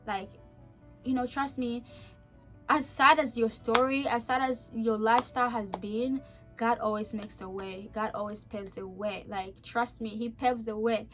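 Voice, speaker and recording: A young woman with a fairly high voice tells a heartfelt, emotional story. She talks in a chatty, earnest way, full of little fillers. Her delivery sinks quiet and then rises with emphasis. Faint music plays behind her. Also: fairly even intonation, unhurried. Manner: chatty, with many "like" and "okay?" fillers. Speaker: vlogger sharing a faith testimony. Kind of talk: earnest personal testimony to camera.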